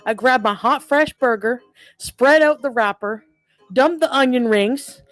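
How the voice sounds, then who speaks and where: A high-pitched, entitled customer in a cartoon parody airs her complaint in a prim, fussy, overly formal way, as a woman acts her out. The sound is close and dry. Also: unhurried, no echo, natural voice, poor audio. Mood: indignant.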